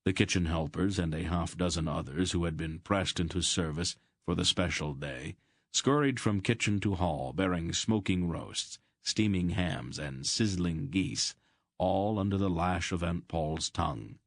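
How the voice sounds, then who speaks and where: Deep, gravelly male audiobook narrator. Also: a little slow, no echo, studio quality. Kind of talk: scripted fantasy narration.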